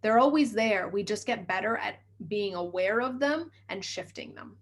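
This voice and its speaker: On her self-help podcast, this woman, a mindset coach, guides listeners step by step, speaking fast with upbeat encouragement. She has a mid-range voice with lively intonation.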